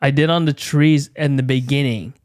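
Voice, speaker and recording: A man's voice: mid-range voice, moderate pace, clear, resonant tone, no room sound, clean studio sound. Young man telling a story animatedly, swearing. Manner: animated storytelling, swears a lot, yells out his quotes. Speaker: podcast co-host. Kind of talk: casual chat.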